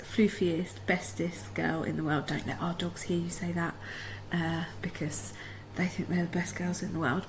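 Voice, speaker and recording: A woman's voice: on the low side, slight background noise, poor audio. A woman recording a bubbly, affectionate voice-over aside for her vlog viewers. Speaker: van build vlogger.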